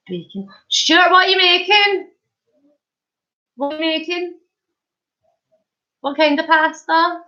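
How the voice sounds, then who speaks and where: Giggly high-voiced woman live-streaming. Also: steady tone, slow, pauses often, sharp tone. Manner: chatty and giggly, laughing often. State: hyper and wide awake. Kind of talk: casual live-stream chat answering comments. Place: at home. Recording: slightly muffled lo-fi stream audio.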